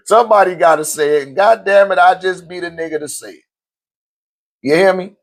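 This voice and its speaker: A man with a notably high voice delivers an unscripted sermon-like monologue. He talks bluntly, swears freely and breaks into short laughs as he drives each point home to his viewers. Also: fairly quick. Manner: addresses listeners directly with slang. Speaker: host of a spiritual talk channel.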